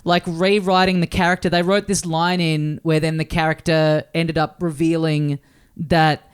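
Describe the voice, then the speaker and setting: A man's voice: on the high side, flat delivery, moderate pace, clean tone. An Australian man in his thirties hosting a podcast, telling self-deprecating stories in casual chat and swearing freely. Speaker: podcast host.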